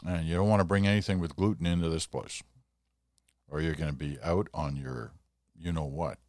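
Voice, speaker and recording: Deep-voiced older man chatting on a podcast. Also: steady tone, moderate pace, darkish tone, no echo, studio quality. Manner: chatty, rambling, self-deprecating asides. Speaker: podcast host. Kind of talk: casual solo podcast monologue.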